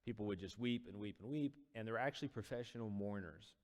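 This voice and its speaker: Man, low voice, casual Bible teaching, long reverb in the room. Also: fast, darkish tone. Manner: conversational, storytelling with acted quotes. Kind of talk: casual Bible study talk.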